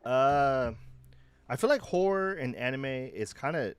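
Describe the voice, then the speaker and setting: A man's voice: mid-range voice, measured pace, clear, resonant tone, no echo. A young man talks in a loose, rambling way, stumbling through restarts as he retells a story. His voice sits in an ordinary middle register. The sound is dry and close, with no room to it. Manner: rambling, animated retellings with acted-out quotes. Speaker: podcast co-host. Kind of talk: casual chat.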